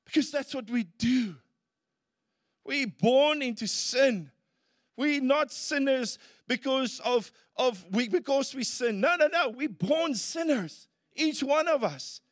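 High-voiced South African pastor preaching. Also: male voice, expressive, slow. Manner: earnest, rises to emphatic peaks. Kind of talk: sermon. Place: church hall. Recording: reverberant church hall.

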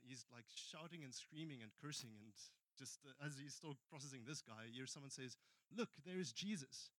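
A man with a South African accent, preaching a sermon as pastor and retelling a story with earnest, halting restarts. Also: mid-range voice, a bit bright, no echo. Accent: South African English. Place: church.

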